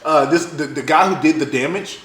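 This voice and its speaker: A man on a casual podcast, telling a long story in an animated, profane, fast-talking way. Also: fairly high pitch, echoey room. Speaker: podcast co-host.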